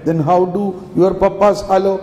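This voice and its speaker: A man preaching at a retreat, slow and emphatic, often asking his listeners yes or no. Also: sits high, little pitch movement, mellow. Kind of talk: sermon. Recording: echoey hall, faint background noise.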